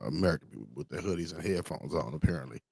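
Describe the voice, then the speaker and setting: A man's voice: very deep voice, expressive, racing, vocal fry, warm tone, husky, no echo. A man hosting a casual show, reading memes aloud with profane, laughing amusement. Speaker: host.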